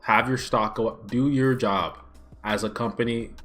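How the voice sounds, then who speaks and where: A young man ranting in a casual livestream, exasperated and swinging his pitch widely, recorded on a smartphone. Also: fairly even intonation, normal speed, a bit bright, faint music behind. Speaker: YouTuber streaming a watch party.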